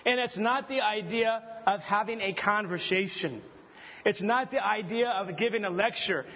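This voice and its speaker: High-voiced emphatic preacher in a reverberant hall. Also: male voice, normal speed. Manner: emphatic, repetitive, heralding delivery. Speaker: preacher teaching preaching students. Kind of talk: sermon. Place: church hall, at a pulpit. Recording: reverberant hall, dull lo-fi sound.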